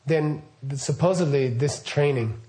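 A man's voice: on the high side, a little slow, warm tone. A middle-aged man giving a loose, rambling Buddhist talk, often checking in with his listeners. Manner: rambling, asks listeners questions, frequent okay and right. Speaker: Buddhist teacher. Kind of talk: casual spoken teaching.

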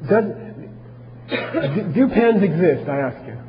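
A man's voice: high-pitched, very animated, slow, in a large hall, muffled recording, crowd noise. A man teaching a class on Buddhism, talking casually and asking his listeners questions as he goes.

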